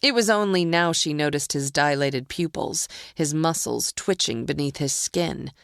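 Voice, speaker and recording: Slow, gravelly woman narrating a thriller. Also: low-pitched, dry recording, clean studio sound. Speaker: audiobook narrator.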